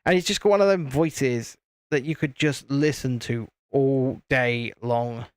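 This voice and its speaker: A man's voice: medium pitch, unhurried, dry recording, clean studio sound. A man hosting a live stream, chatting casually in a rambling, self-interrupting way while he builds a set. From United Kingdom.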